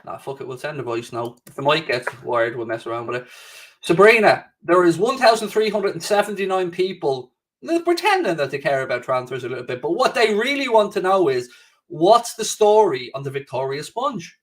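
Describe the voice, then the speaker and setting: A man's voice: on the high side, sing-song, fairly quick, fairly bright tone, distant mic. A man hosting a casual live stream at home, chatting loosely, swearing freely and reading out viewer comments. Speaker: livestream host. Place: home studio.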